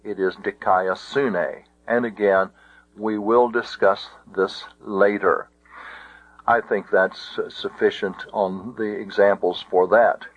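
A man teaching ancient Greek accents in a slow, methodical lecture, sounding out syllables one by one. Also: fairly low pitch, steady tone, no echo. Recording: dull dry lo-fi recording.

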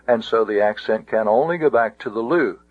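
A man teaching a Greek grammar lesson in a slow, deliberate way, pausing with many fillers. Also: medium pitch, no room sound. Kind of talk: recorded lesson. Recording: tinny phone-like audio.

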